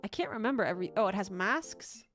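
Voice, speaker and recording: A woman's voice: mid-range voice, lively intonation, fast, soft background music. A young woman streaming from home, chatting casually with viewers in a rambling, giggly way, with bursts of squealing baby talk.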